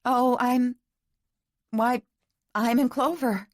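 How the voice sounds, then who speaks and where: A woman's voice: medium pitch, a little slow, dry recording, pitched above the performer's own voice, natural voice. Woman reading young woman, tearful, pleading, emotional, dry sound. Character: adult woman, emotional bride-to-be.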